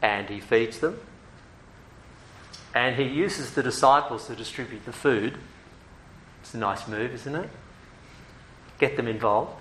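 A man preaching a sermon in a lively, humorous way, with playful asides. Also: medium pitch, unhurried, pauses often, roomy sound, a little hiss or hum.

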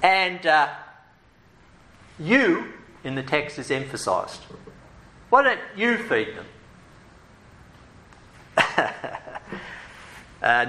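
A man preaching a sermon in a lively, humorous way, with playful asides. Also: on the high side, echoey room.

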